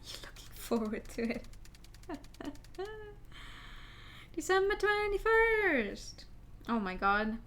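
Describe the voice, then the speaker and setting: A woman's voice: high voice, sing-song, takes it slowly, pauses often, a bit bright, soft background music. A woman streamer chatting casually and bubbly as she plays a game and jokes with chat. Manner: bubbly, reacting and joking to chat.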